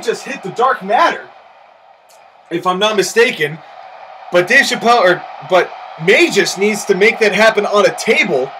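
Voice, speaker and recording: Very high-voiced, bright, shouty male commentator. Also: slight background noise, poor audio. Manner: loud, shouting outbursts, incredulous exclamations. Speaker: commentator of a simulated wrestling match. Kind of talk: excitable play-by-play commentary with in-character promo rants.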